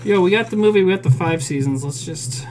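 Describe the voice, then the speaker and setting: A woman's voice: fairly low pitch, a little fast, darkish tone, slight background noise. A woman from South Dakota cooking live on a stream, reading recipe steps aloud, swearing freely and answering chat in a home kitchen.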